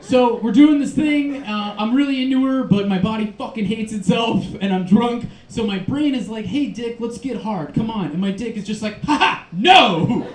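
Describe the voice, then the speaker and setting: Manic, high-pitched stand-up comedian man. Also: moderate pace, hardly any pauses. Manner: manic storytelling, shouted asides. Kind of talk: stand-up set. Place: comedy club stage. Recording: echoey club room.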